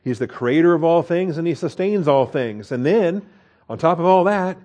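A male pastor leading a prayer and then teaching verse by verse, earnest and emphatic, slowing to stress key words and checking in with "all right?". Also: on the high side, animated, warm tone. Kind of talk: Bible teaching sermon with prayer.

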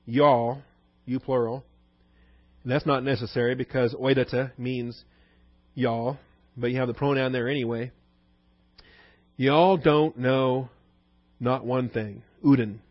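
A man's voice: medium pitch, no room sound. Man teaching a Bible study. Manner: conversational, asks the listeners questions. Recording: dull dry recording.

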